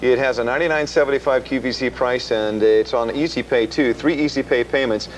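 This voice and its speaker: Salesy TV shopping host. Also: male voice, mid-range voice, a little fast, slight background noise. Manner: smooth salesy, fills with uh. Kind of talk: sales pitch and interview. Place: TV shopping studio.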